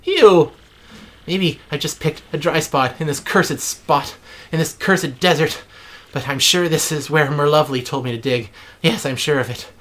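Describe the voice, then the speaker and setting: A man's voice: a little high, moderate pace, pushed and bright. A man hosting a let's play, reading in-game text with mock drama and joking asides.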